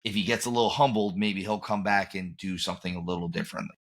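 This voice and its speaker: A man's voice: deep voice, quick pace. A man hosting a podcast in casual chat, rambling and often trailing off and restarting mid-thought. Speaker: podcast host.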